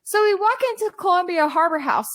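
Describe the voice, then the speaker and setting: A woman's voice: very high voice, a little fast, no echo. A woman podcast guest telling a long story in casual, exasperated style, acting out the people in it. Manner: animated, exasperated storytelling with quoted dialogue.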